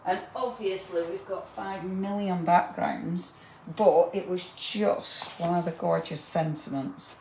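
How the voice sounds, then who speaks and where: Woman, low voice, chatty enthusiastic craft demo, echoey room. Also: steady tone, slow, darkish tone, slight background noise. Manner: rambling, enthusiastic, talks to viewers by name. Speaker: craft demonstrator hosting a live stream. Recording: roomy echo.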